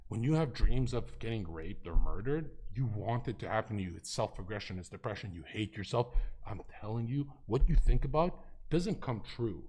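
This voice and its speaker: A man's voice: on the low side, normal speed, husky. A man streaming, telling a story in a casual, heated debate and swearing heavily. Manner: animated, profanity-heavy storytelling that swings between hushed and loud.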